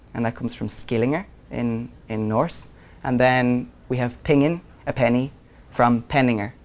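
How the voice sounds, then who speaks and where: A young man lecturing to a university class, relaxed and conversational, thinking aloud with frequent ums. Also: mid-range voice. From Ireland. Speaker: visiting lecturer. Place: lecture room.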